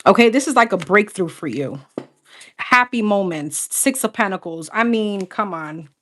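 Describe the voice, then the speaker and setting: A woman's voice: medium pitch, expressive, moderate pace, fairly bright tone. Young adult woman, tarot reader, casual chatty delivery, frequent laughs, lists cards. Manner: chatty, laughs often, calls out cards in a list. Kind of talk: casual tarot reading livestream.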